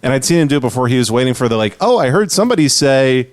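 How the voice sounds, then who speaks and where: A man co-hosting a comedy podcast in a casual, joking chat. He rattles through anecdotes and jumps into the voices of the people he describes. His pitch sits in the middle of the male range. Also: sing-song. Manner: quick storyteller, acts out voices of people in anecdotes. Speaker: podcast co-host.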